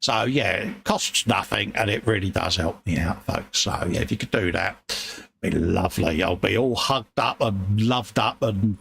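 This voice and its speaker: A man's voice: lowish voice, moderate pace, vocal fry, fairly bright tone. A man hosting a casual livestream, chatty and matey as he reads out viewer messages. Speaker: livestream host reading chat.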